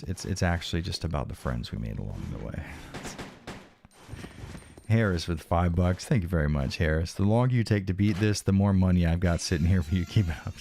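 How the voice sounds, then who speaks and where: A man livestreams a video game with casual live commentary, frustrated and swearing constantly, now and then dropping to a whisper. His voice sits low and a little mellow, with a little hiss or hum in the recording.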